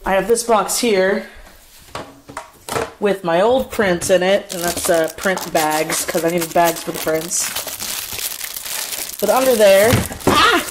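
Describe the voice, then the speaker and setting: A woman artist speaks slowly with long pauses in a medium-pitched voice, against a noisy background. In her casual vlog she vents with a profane rant full of swearing, then shifts to chatting as she shows her prints.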